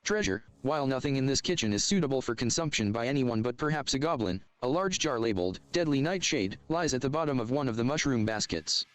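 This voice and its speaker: A man reading tabletop adventure text aloud at a steady, even pace. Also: medium pitch, quick pace, hardly any pauses, dry recording.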